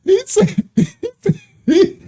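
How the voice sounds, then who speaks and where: A man's voice: very high-pitched, very animated, very slow, mellow. A man hosting a religious channel, chatting and laughing through reaction commentary with preacherly asides.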